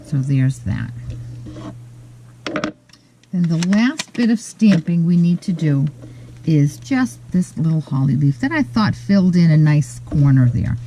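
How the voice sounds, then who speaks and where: A woman hosting a step-by-step card-making tutorial at her craft desk, talking in a relaxed, methodical way with frequent pauses to think. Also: low voice, slight background noise, poor audio.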